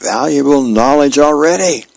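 A man's voice: fairly high pitch, moderate pace, vocal fry, darkish tone, no echo, pitched above the performer's own voice, poor audio. A man doing a dry grumpy old husband. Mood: deadpan.

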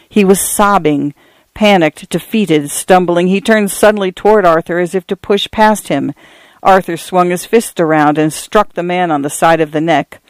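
A man reading a story aloud in a measured, even audiobook narration. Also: fairly high pitch, no echo.

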